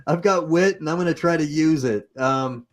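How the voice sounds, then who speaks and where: A man's voice: a little high, moderate pace. A man with a Utah accent hosting a livestream, chatting casually and improvising as he reads comments. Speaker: host.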